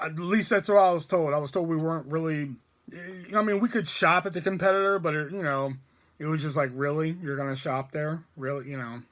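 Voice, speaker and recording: A man with a noticeably high-pitched voice tells a long story in a loose, rambling way. He swears constantly and leans hard on his words for emphasis. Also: a bit bright. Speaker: storytime vlogger. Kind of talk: casual storytelling rant.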